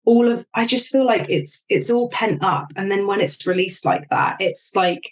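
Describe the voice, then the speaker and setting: A woman hosting a podcast, talking candidly in an animated storytelling way with frequent fillers. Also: medium pitch, normal speed, rough recording. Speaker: podcast host. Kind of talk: casual conversational interview.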